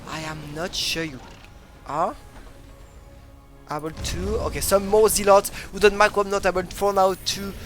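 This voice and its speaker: An esports caster giving live play-by-play commentary in non-native English, excitable and prone to sudden loud exclamations. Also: medium pitch, unhurried, long pauses, faint music behind. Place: broadcast booth.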